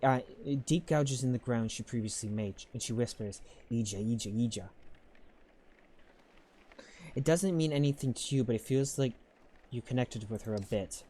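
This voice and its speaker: A man's voice: mid-range voice, fairly quick, mellow, slight background noise. Man casually reading game text aloud. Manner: casual, stumbles over words. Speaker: let's play host.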